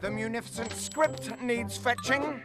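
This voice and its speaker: A man's voice: very high-pitched, measured pace. An actor playing a pompous male theater director in a game, speaking floridly and misusing big words over game music. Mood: grandiose. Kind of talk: game dialogue. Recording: loud game music behind.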